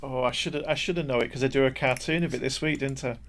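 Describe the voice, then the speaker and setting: A man co-hosting a podcast in casual chat, quick and playful, laughing easily. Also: medium pitch, steady tone, creaky, a bit bright. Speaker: podcast co-host.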